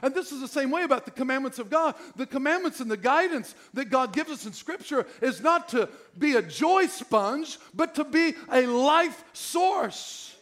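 High-voiced man preaching with humor. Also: normal speed, hardly any pauses. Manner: animated, joking preaching. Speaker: pastor. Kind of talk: sermon.

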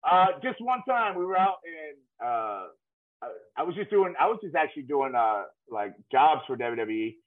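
A man's voice: on the high side, big pitch swings, normal speed. A man telling rambling, laughing stories as a guest on a talk show. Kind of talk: casual storytelling. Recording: tinny phone-like line.

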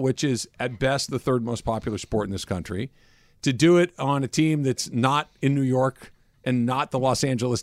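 A man hosting a sports radio show, telling animated stories in casual talk from the studio. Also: medium pitch, no echo. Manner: animated storyteller, swings up and down in loudness.

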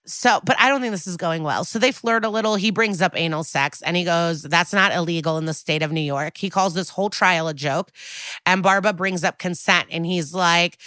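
A woman's voice: lowish voice, fairly quick, pushed and bright, no room sound. A woman co-hosting a podcast, recapping a TV episode in a casual, sarcastic and blunt way. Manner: sarcastic, blunt storytelling with profanity.

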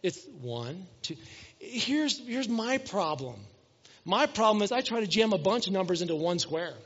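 A man's voice: sits high, big pitch swings, normal speed, a bit bright, husky. A middle-aged male pastor preaching a conversational sermon, asking the congregation questions and acting out everyday scenes. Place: church hall. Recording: dull sound with long hall reverb.

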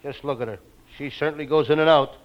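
Boyish excitable guy doing comedy bits, muffled old record, loud hiss. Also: a little high, fast. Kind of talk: comedy sketch.

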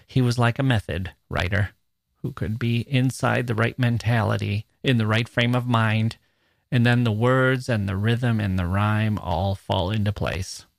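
A man hosting a podcast about poetry, talking in an animated way and acting out rhythms with nonsense syllables. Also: mid-range voice, creaky, no room sound. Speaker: podcast host.

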